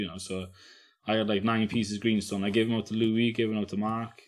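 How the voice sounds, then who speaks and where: A man with a fairly low voice talks as a podcast guest. He rambles through his stories with restarts and frequent laughter, in a loose conversational way. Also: little pitch movement, quick pace. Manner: rambling storyteller, mumbles and restarts, laughs a lot. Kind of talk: casual chat.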